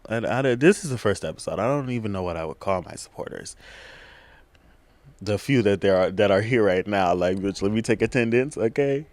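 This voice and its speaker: A young man chats alone on his own podcast, animated and full of slang, often breaking into laughter. His voice sits fairly low. The sound is close and dry, with no room echo. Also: fairly quick. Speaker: podcast host. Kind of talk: casual solo podcast chat. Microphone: camera on a tripod.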